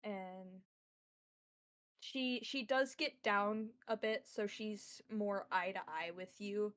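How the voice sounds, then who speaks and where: A woman narrating as game master of a tabletop game, describing scenes in an unhurried way with many fillers. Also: mid-range voice, a bit bright.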